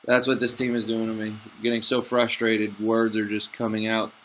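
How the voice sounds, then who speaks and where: A young man commentating his own football management game, swinging from excited play-by-play to frustrated asides. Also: on the low side, moderate pace, slight background noise.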